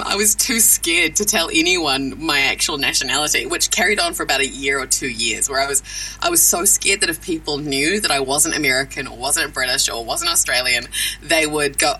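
A woman from New Zealand with a New Zealand accent, a voice actress chatting in an interview, animated and quick to laugh. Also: low-pitched, distant mic, a little hiss or hum, poor audio. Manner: animated, laughs often, self-deprecating. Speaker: voice actress guest. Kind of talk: casual interview chat.

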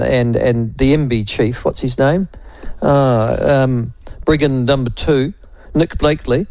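A man's voice: medium pitch, darkish tone, no room sound. A middle-aged man with a New Zealand accent hosting talkback radio, blunt and rambling with sardonic asides. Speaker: talk radio host. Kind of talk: opinionated talkback radio chat.

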